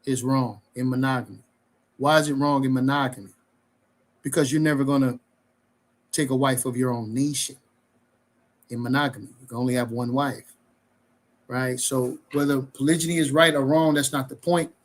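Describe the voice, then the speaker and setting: A man's voice: medium pitch, steady tone, normal speed, long pauses. A man in a bible study group call, teaching casually and reasoning step by step through his own questions.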